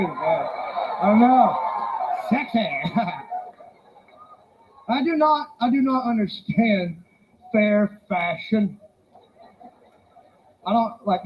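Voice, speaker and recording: A male stand-up comedian telling animated stories and slipping into put-on voices. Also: high-pitched, muffled recording, slight background noise.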